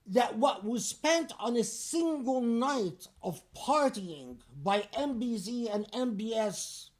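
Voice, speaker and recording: A man preaching a Friday sermon in a deliberate, emphatic and pointed way. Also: very high voice.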